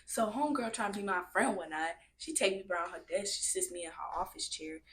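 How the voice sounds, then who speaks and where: A woman's voice: mid-range voice, brisk. Chatty young woman telling a storytime. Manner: animated, chatty, addresses viewers as y'all. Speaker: vlogger. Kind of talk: casual storytime.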